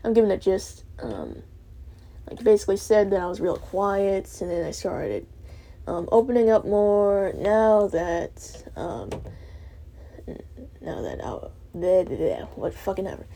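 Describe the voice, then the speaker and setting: Teenage girl, breathy and low-key, rambling and self-deprecating as she talks. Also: very animated, unhurried, warm tone. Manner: rambling and self-deprecating, with heavy filler words and swearing. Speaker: student vlogger. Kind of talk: rambling monologue.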